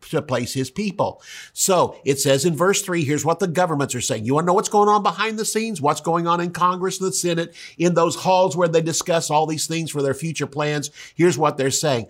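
Emphatic preacher with a raised voice. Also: male voice, a little high. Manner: emphatic, rhetorical questions, conversational preaching. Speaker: pastor. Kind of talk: sermon.

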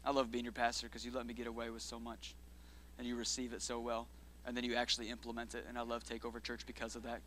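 A young man preaching a sermon as pastor, energetic and joking, calling out to his congregation for responses. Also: on the high side. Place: church sanctuary.

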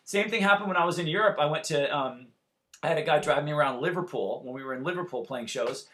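A man in his forties telling a story in casual chat, animated and profane, acting out the quotes. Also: fairly high pitch, quick pace. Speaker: musician guest telling a story.

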